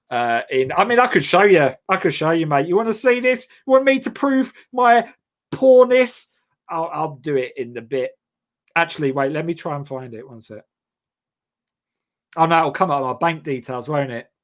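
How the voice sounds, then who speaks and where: A man's voice: a little high, animated. Rambling, self-mocking young male host. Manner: rambling, self-deprecating, halting restarts. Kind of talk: casual comedic chat show.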